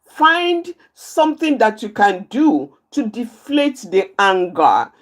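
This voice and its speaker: Slow, lively-pitched woman teaching. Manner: repeats key phrases, slow and emphatic, points out positions with her hands. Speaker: outreach speaker teaching anger management. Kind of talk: live teaching talk.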